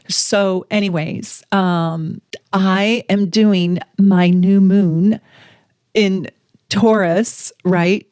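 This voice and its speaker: A woman's voice: mid-range voice, drawn-out words, clear, resonant tone, no room sound. Chatty woman astrologer, dry close sound. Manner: animated, chatty storytelling. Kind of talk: casual talk to camera.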